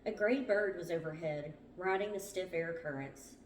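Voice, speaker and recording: A woman leads a book club and reads a survival memoir out loud, plainly and with small slips. Her fairly low voice moves at normal speed, and the roomy, far-from-mic recording picks up slight background noise.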